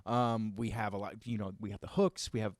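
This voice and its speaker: A man co-hosting a podcast in casual chat, throwing in dry, quick jokey asides. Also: fairly low pitch, steady tone, no echo. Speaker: podcast co-host.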